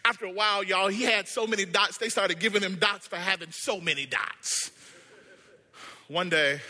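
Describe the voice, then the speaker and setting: Preacher, male, high and sharp voice, dramatic storyteller, long hall reverb. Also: moderate pace. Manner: dramatic, swinging from hushed to shouted. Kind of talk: sermon with storytelling.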